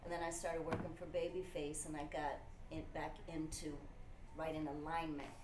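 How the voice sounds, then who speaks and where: A woman with a fairly low voice talks casually, spinning an animated story with many "you know"s. The room is echoey, with a faint hiss behind her. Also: moderate pace. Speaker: music industry manager. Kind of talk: casual conversation.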